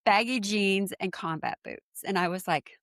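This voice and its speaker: A woman in her forties from San Diego, USA, appears as a podcast guest telling a personal story in casual conversation. She's animated, acts out what people said with big jumps in pitch, and uses lots of fillers. Her pace is moderate and the sound is clean studio audio with no room sound.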